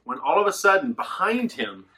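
A man teaching a children's Bible lesson, telling stories in a lively way and acting out the characters' lines. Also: high-pitched, moderate pace. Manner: animated storytelling with voices. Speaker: children's pastor.

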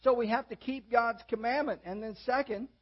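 A man's voice: very high voice, steady tone, fairly quick, husky. An older man preaching a sermon in a folksy, self-deprecating way, with sudden emphatic rises. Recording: dull lo-fi audio.

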